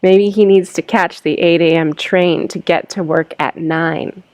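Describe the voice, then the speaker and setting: Slow, careful woman teaching English. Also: lowish voice, fairly even intonation, a little mellow, no room sound. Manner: reads example sentences slowly for repeating, then explains them. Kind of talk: English lesson with example sentences.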